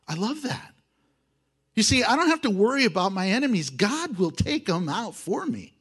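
A man preaching a lively sermon, joking and dropping in playful sound effects. His voice sits high for a man and swings up and down constantly. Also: moderate pace, breathy edge. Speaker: pastor.

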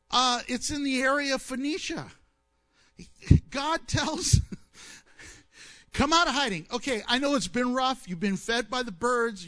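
Guy preaching a sermon, kinda high voice, lively storyteller, asks questions then answers. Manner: acts out quoted voices with swings in pitch and loudness.

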